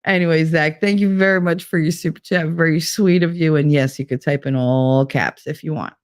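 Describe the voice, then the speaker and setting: A woman's voice: low-pitched, fairly even intonation, fairly quick, clean tone. A middle-aged woman chats loosely with her viewers, drifting from story to story. She laughs often and leans on fillers as she reads out the chat. She talks from a room with bare walls and no curtains. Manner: rambling and chatty, with frequent laughs and fillers. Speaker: live streamer reading chat. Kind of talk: casual live-stream chat.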